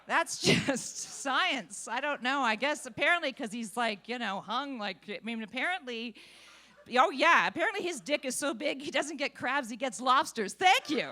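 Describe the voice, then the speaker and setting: A woman's voice: high voice, lively intonation, moderate pace, sharp tone. A woman doing a stand-up comedy set on a comedy club stage, with a brash, bawdy, teasing delivery.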